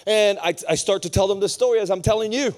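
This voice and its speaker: A young adult man preaching a storytelling sermon, animated and acting out the voices of people in his story. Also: high-pitched, fast. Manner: animated, acts out voices of others.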